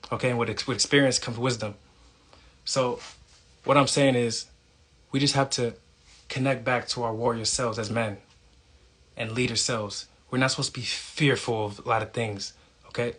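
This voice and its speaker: A man's voice: medium pitch, a bit bright, husky. A man giving a casual, preachy monologue, emphatic and profane, punctuating points with "okay?". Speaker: self-styled spiritual speaker.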